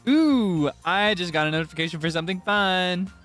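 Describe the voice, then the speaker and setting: Young male streamer, playful and teasing, slightly high voice, soft game music underneath. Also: fast, clear, resonant tone. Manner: playful and excitable, with sudden high squeals and teasing. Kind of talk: casual game livestream chat. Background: faint game music.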